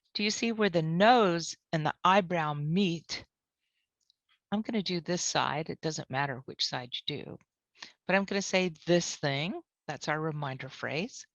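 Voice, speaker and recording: Woman, tapping trainer, calm guided lesson, slow repeated phrases, low pitch, dry muffled audio. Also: vocal fry, no room sound. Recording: dull lo-fi audio.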